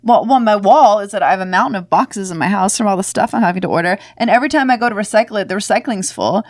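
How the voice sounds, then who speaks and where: A woman's voice: mid-range voice, fast, no echo. A woman co-hosting a podcast, chatting playfully and slipping into silly voices. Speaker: podcast co-host. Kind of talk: casual chat.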